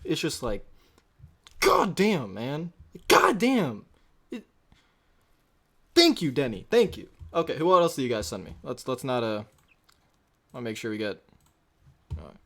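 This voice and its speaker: A man rants in a reaction vlog, heated and swearing freely. His pitch swings widely as he rambles through his points, and his thoughts keep trailing off and restarting. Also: huge pitch swings, a little slow, pauses often, bright, forceful tone, husky. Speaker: channel host.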